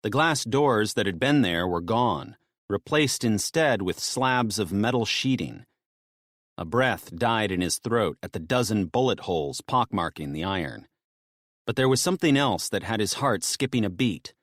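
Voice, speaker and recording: Man reading a survival thriller audiobook, tense delivery, animated pitch, dry close recording. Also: normal speed, no echo. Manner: tense storytelling, drops low and soft in grim moments. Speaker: audiobook narrator. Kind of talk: scripted audiobook narration.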